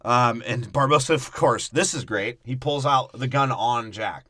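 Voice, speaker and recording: A man's voice: mid-range voice, normal speed, sharp tone, no echo, clean studio sound. A young man co-hosting a podcast, recapping a movie in a casual, profane, joking way. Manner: profane, jokey, slips into silly character voices. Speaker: podcast co-host.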